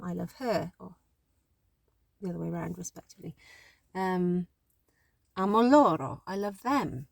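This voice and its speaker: A woman's voice: lowish voice, gravelly, darkish tone, no echo. A woman language teacher giving a casual lesson, explaining step by step in a chatty way with apologetic asides.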